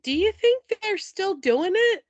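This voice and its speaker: A woman co-hosting a casual podcast, playful and teasing as she chats. Her voice is high, and she fills her talk with "like." The sound is close and dry, with no room around it. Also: expressive, measured pace, no echo, lo-fi sound. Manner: playful, teasing, says "like" a lot. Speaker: podcast co-host. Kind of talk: casual chat.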